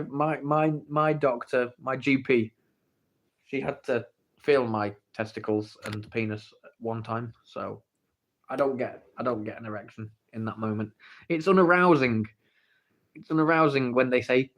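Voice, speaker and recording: An English man hosts a casual livestream on a phone mic, his mid-range voice a bit bright and moderately paced. He reads the chat and playfully teases viewers, pleading with them to share the story.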